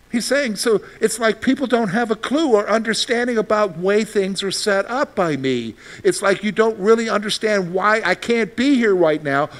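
High-voiced male preacher asking rhetorical questions. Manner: asks the congregation rhetorical questions, then answers them; swings between loud emphasis and quiet, confiding asides. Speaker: pastor. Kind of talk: sermon.

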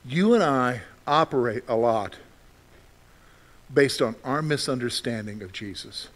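A man preaching a sermon as pastor, acting out frantic prayers and then dropping to soft, reassuring words. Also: medium pitch, animated, a little slow.

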